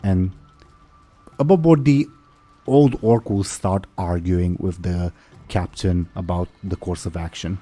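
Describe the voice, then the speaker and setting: A man acting as game master in a tabletop game, narrating loosely and stopping often to hesitate. His voice is very low and mellow, with faint music playing underneath. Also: slow.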